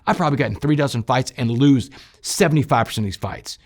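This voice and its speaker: Gravelly, husky man telling his story. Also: fast talker. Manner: swings from loud emphatic bursts to low, quiet passages; addresses listeners directly as "y'all". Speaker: interview guest recounting his past. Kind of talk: emotional personal storytelling.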